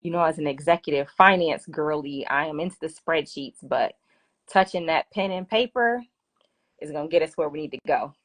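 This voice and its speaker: A woman's voice: low voice, moderate pace. A woman hosting a casual live finance Q&A from her phone, chatty and laughing often. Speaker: finance livestream host.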